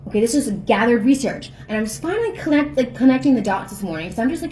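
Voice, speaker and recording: Chatty woman with a higher voice. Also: animated, quick pace, mellow, slight background noise, poor audio. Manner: chatty, earnest, rambling. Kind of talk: casual vlog monologue.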